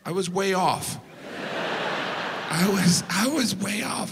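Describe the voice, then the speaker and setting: A male stand-up comedian performing to a live audience, mixing deadpan asides with sudden high-pitched incredulous outbursts. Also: takes it slowly, gravelly, long pauses. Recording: live show with loud audience noise.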